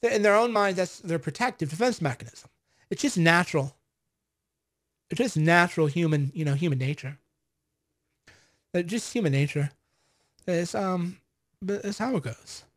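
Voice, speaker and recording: A man's voice: high voice, expressive, normal speed, long pauses. A man in his forties chatting casually on a livestream, reading viewer comments and telling rambling, boastful stories with acted-out quotes. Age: 40s. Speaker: vlogger answering viewer comments.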